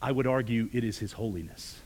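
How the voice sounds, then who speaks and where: A male pastor preaching a sermon, emphatic, often repeating words, moving between strong raised passages and hushed near-whispered lines. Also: mid-range voice, a little fast, slightly rough. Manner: emphatic, rising to forceful peaks then dropping to hushed near-whispers; repeats words when stressing a point.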